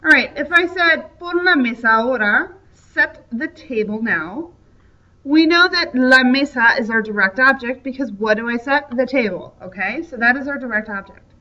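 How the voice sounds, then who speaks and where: A woman's voice: sits high, expressive, normal speed, sharp tone. A woman teaching a Spanish grammar lesson, patiently explaining and checking in with frequent "okay?". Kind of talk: classroom grammar lecture. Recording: dull distant lo-fi recording.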